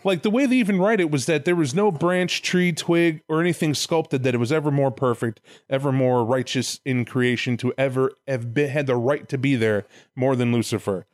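A man co-hosting a comedy podcast, retelling a myth in an animated, profane, jokey way. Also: mid-range voice, normal speed, few pauses, no echo, clean studio sound. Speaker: podcast co-host, storyteller. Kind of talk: comedic storytelling.

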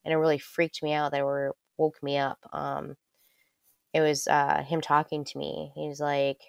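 Low gravelly-voiced woman just talking it out, swears a bunch, dry close sound. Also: completely flat delivery, moderate pace, no room sound. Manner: candid, loose, swears freely, lots of ums. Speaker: guest. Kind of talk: casual personal storytelling.

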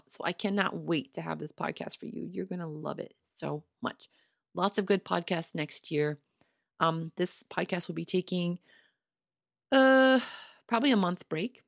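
A woman hosting her own podcast in a casual solo monologue, chatty and enthusiastic, talking straight to her listeners, her voice a little hoarse. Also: low voice, no room sound, clean studio sound. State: slightly hoarse. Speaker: podcast host. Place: small home studio.

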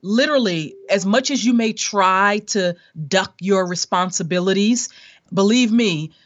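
Animated woman telling a money story. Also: medium pitch, unhurried, no echo, muffled recording. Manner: animated storyteller, laughs often, acts out quoted voices. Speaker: guest sharing a money story. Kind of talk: conversational storytelling interview.

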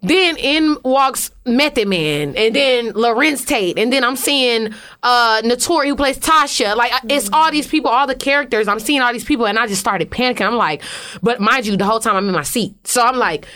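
A woman's voice: on the high side, expressive, moderate pace, hardly any pauses, pushed and bright. A young woman with an Atlanta accent telling stories in a casual interview, loose and slangy with frequent cursing. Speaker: guest actress and musician.

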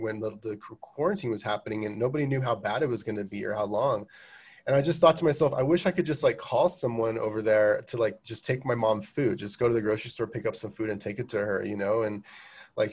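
A man's voice: mid-range voice, husky. A man in his thirties, a roofing business owner, talking as a guest in a casual podcast interview, full of restarts and fillers. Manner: halting, many restarts and fillers.

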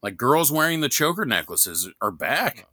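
A man's voice: mid-range voice, big pitch swings, normal speed, sharp tone, dry recording, studio quality. A man from New York, co-hosting a podcast in casual, joking, rambling chat with plenty of swearing. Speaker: podcast co-host.

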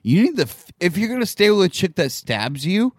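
A man's voice: sits high, big pitch swings, fairly quick, dry recording, clean studio sound. A man co-hosting a crude casual chat, cracking sarcastic jokes and chiming in on stories. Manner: sarcastic, wisecracking. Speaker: podcast co-host. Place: outdoors in the cold.

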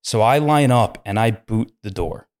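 A police detective and podcast guest, telling a story in casual chat and acting out the voices of the people in it. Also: male voice, on the low side, normal speed. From United States. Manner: animated storyteller, acts out voices with sudden loud jumps.

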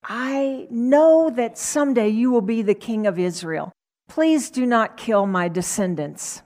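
A woman voicing an aging male king, remorseful and humbled, speaking in a halting, apologetic way. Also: on the high side, darkish tone, close to an everyday voice.

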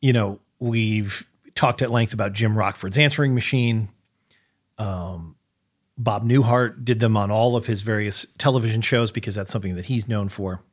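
Seorang pria pembawa podcast yang membahas film dengan gaya santai dan mengobrol, seolah berpikir sambil bicara. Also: male voice, fairly low pitch, moderate pace. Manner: relaxed, conversational, thinking aloud. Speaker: podcast host. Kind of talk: casual film talk.

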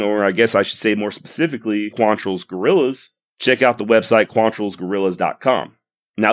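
A man hosting a history podcast, telling it casually with wry, irreverent asides and the odd curse. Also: mid-range voice. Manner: wry, irreverent, swears for comic effect. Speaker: podcast host.

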